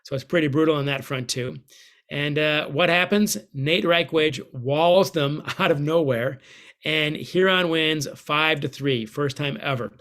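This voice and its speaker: A middle-aged American man, an author and former hockey coach, telling a lively story from home over a video call. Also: fairly high pitch, measured pace. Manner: lively, animated storytelling with sudden loud bursts. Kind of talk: storytelling book talk.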